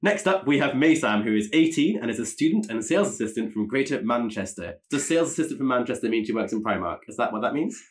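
A man's voice: medium pitch, lively intonation, quick pace, few pauses. A man in his late twenties co-hosting a podcast, chatting in a cheeky, teasing way with frequent giggles. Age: late 20s. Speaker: podcast co-host. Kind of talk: casual comedic chat.

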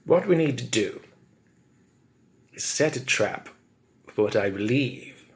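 A man's voice: mid-range voice, lively intonation, takes it slowly. A man improvising a comic story in a mock-pompous, wordy narrating voice.

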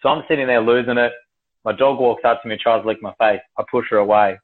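A man's voice: mid-range voice, fairly even intonation, fast talker. An Australian man telling a story casually, swearing, laughing and acting out quoted voices. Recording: tinny phone-like audio.

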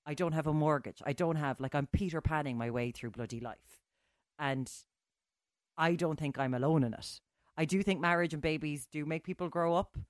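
Woman, radio co-host, low voice, animated, dry studio. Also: normal speed, no room sound. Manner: lively, teasing, self-mocking. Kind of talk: casual chat.

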